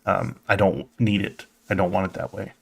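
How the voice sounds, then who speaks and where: A man hosting a live stream in casual, excitable chat, talking straight to his viewers and swearing now and then. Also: deep voice, moderate pace, creaky, breathy edge. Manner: excitable, swears casually, acts out quoted voices.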